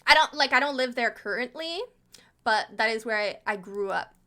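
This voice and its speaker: Woman, Quebec French accent, native French speaker; high, bright voice; casual live-stream chat, reads chat aloud and laughs a lot. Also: lively intonation, normal speed. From Montreal, Quebec, Canada.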